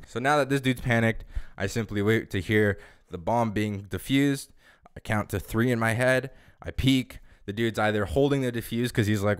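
A man ranting about a video game as a gaming YouTuber, exasperated and profane. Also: medium pitch. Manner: exasperated, profane, acts out teammates in quick asides. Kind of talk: ranting gameplay commentary.

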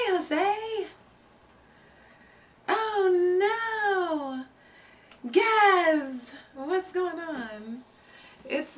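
A woman's voice: medium pitch, a bit bright. A young woman chatting casually on a live stream, greeting viewers from chat as she talks. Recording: slightly distant mic, faint background noise.

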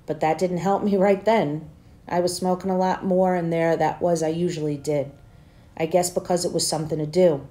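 A teacher reading a novel aloud to her students, with plain narration and livelier, louder dialogue. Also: fairly low pitch, fairly even intonation, moderate pace.

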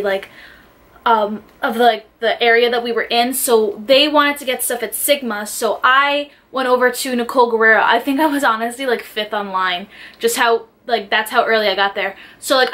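A young woman, a beauty YouTuber, chatting casually as she unboxes a swap package, excitable and full of "like" fillers. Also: on the high side. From New York area.

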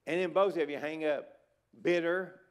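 A man's voice: fairly high pitch, fairly even intonation, normal speed, clean tone. A middle-aged man preaching an emphatic revival sermon in a church. He exhorts the congregation and drives his points home by repeating words. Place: church sanctuary at a conference.

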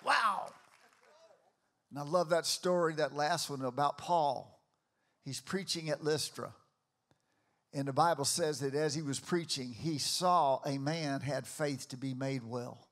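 An older man preaching a sermon to a congregation in a church, emphatic and at times shouting to rally the crowd. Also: on the high side, unhurried. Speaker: pastor. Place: church auditorium before a congregation.

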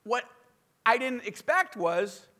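An American man, an author, telling a story in casual talk, animated and self-deprecating. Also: very high-pitched, takes it slowly. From United States. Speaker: author and podcast guest.

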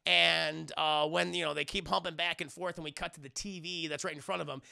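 A man's voice: on the high side, steady tone, brisk, vocal fry, pushed and bright, smooth. A man recapping an episode to a live chat in a rambling, profane style. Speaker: online reviewer.

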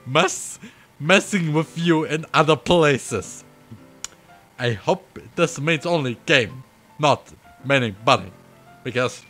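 A man streaming himself reading a visual novel aloud, breaking off into giggly, excitable asides. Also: mid-range voice. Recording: faint game music behind.

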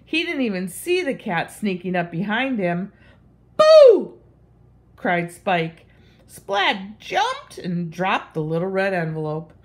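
A woman reads a picture book aloud to children, her voice sing-song and expressive. Her pitch rises and falls in a very lively way, and she's unhurried, taking her time over every line.

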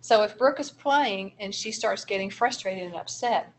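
A woman's voice: mid-range voice, normal speed, a little hiss or hum. A woman presenting a training seminar for early childhood educators, explaining strategies with step-by-step examples in an encouraging manner.

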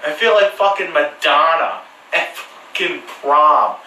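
A man's voice: fairly high pitch, slow, bright, forceful tone, a little hiss or hum. A man talking in a rambling, crude and joking way, full of swearing and restarts. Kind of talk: rambling casual monologue. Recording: echoey room, mic far off.

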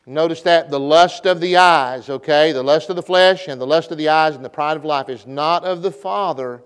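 At a moderate pace and with a clean, slightly high tone, a middle-aged pastor preaches to a revival meeting in the church sanctuary. His sermon is folksy and repetitive, built around call-and-response with those gathered.

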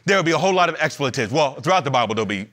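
A man preaching a sermon as pastor in a church, animated, with playful asides and acted-out quotes. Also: medium pitch, very fast. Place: church sanctuary.

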